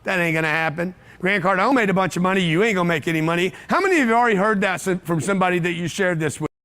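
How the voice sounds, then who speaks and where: A man with a high-pitched voice speaks to a live audience in an event room. He is brash and punchy, hammering on repeated phrases like a motivational seminar speaker. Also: rapid-fire, a bit bright.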